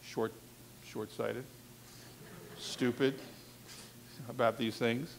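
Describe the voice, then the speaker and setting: A man coaches a reporting class very slowly, his mid-range voice showing vocal fry and little pitch movement. His teaching is candid and conversational with frank asides, and background noise can be heard.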